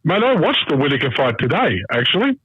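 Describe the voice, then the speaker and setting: Aussie guy joking around on a podcast, bit high-pitched, super dry close sound, brash and swears a lot. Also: sing-song, a little fast, husky, no echo, muffled recording. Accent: Australian. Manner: joking storyteller, brash and profane. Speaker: comedian guest. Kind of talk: casual podcast banter. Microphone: new microphone, remote call.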